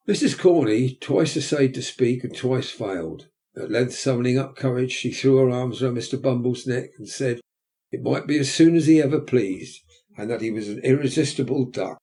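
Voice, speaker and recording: This is an audiobook of a classic novel, read by a man with a mid-range voice. His storytelling is measured and expressive.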